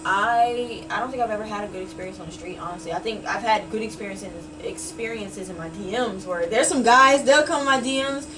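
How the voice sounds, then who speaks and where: A woman's voice: mid-range voice, a little fast, few pauses, far from the mic, rough recording. A woman in her early twenties, a podcast guest telling a personal story in casual chat, with many "like" and "you know what I'm saying" fillers. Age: early 20s.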